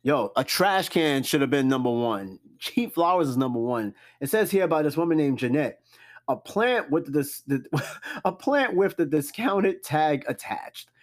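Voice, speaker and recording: A man hosting a casual solo podcast, talking in a fairly high, lively voice that jumps up and down as he reacts. He reads items from a list and riffs on them with blunt, cussing jokes. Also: unhurried. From New York. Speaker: podcast host.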